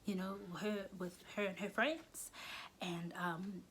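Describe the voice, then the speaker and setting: A young South African woman telling a storytime vlog, animated, often dropping into whispers and rising into shrill bursts. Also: slow pace, a little hiss or hum. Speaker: YouTuber.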